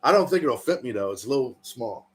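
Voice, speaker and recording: A man's voice: medium pitch, very animated, quick pace, husky. A man in his thirties chatting casually and joking on his own livestream, swearing and laughing often. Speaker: livestream host.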